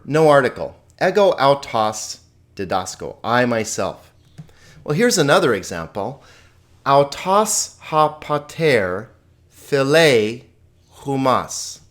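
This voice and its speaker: A man giving a recorded language lesson, chatty and upbeat, laughing often and stressing key words. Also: mid-range voice. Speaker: Greek teacher.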